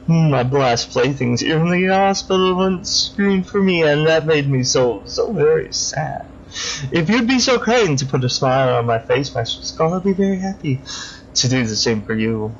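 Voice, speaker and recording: A gleeful sadistic male villain, as a man puts him on for a game, who purrs his threats in a sing-song lilt. The voice sits fairly high and playful. The recording is dull and lo-fi, with a faint hiss underneath. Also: animated, moderate pace. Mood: creepy gleeful. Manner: sing-song, purring menace.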